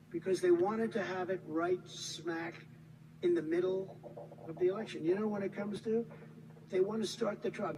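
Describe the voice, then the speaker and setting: A man's voice: sits high, background noise. An American man in his seventies giving a rambling, repetitive, emphatic campaign rally speech from a podium. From United States. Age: 70s. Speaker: politician.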